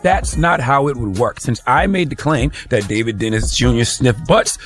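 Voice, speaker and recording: A man's voice: mid-range voice, expressive, normal speed. A man hosts a radio commentary segment in a mid-range voice, driving each point home with emphasis. He lectures his listeners and keeps checking in with a pointed "okay?". Faint music plays under his voice. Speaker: radio show host.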